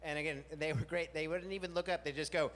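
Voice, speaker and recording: A man hosts a live storytelling evening in a large music venue. His voice sits a bit high and he talks in a chatty, self-deprecating way. A long hall reverb and faint room noise trail every line. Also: fairly even intonation, quick pace, fairly bright tone. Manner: chatty, self-mocking, jumps into high silly voices for quoted bits. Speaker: host.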